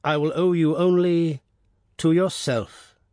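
A man voicing a scheming revolutionary prosecutor in a storybook reading, speaking in a measured, formal, oratorical way. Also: on the high side, steady tone, a little mellow, dry recording, studio quality, voice pushed up. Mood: solemn.

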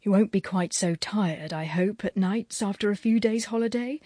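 A woman's voice: mid-range voice, moderate pace, dark tone, dry recording, clean studio sound, lightly acted. Woman voicing a fussy, polite clergyman. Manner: polite, anxious. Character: kind, fussy clergyman husband.

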